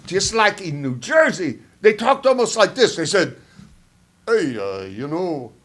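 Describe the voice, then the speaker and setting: A man's voice: high-pitched, big pitch swings, measured pace, fairly bright tone, voice pushed up, full character voice. A man doing a wisecracking Groucho-style old schemer. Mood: sly. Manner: wisecracking, drawling, mock-confiding asides. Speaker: comedian in character. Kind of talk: improvised comedy interview.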